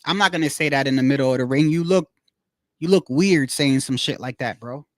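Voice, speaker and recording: A man hosting a casual livestream, rambling in a slangy, animated way and repeating himself as he tells stories. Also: medium pitch, fairly quick, dry recording, clean studio sound. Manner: slangy, rambling, keeps saying "bro". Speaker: livestream host. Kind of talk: casual livestream boxing chat.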